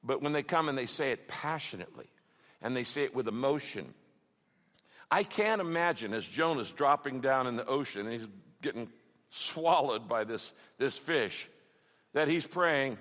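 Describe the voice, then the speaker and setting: A middle-aged man preaching a sermon, passionate and emphatic, building to loud peaks. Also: medium pitch, lively intonation, normal speed. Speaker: pastor. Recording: long hall reverb.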